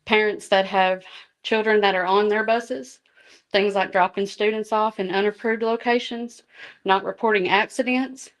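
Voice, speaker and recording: A woman's voice: mid-range voice, steady tone, normal speed. Earnest woman speaking at a meeting. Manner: earnest, emotional, reading from notes. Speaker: school bus driver and safety trainer. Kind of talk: public comment at a board meeting.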